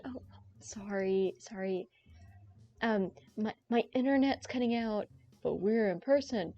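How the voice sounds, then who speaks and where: Speaking a little slowly in a mid-range voice, a young woman playfully rambles and jokes with her viewers during a game stream. The casual chat comes through as dull, lo-fi stream audio.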